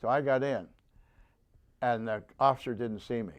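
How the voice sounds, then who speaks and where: Veteran in his nineties, interviewee: rambling, stop-start storyteller who acts out the people he quotes. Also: mid-range voice. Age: 90s. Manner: halting, rambling delivery with many restarts. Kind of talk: oral history storytelling.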